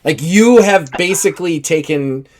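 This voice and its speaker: Animated male game master. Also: fairly high pitch. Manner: animated, voices the characters in quick bursts. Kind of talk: narrating a tabletop game.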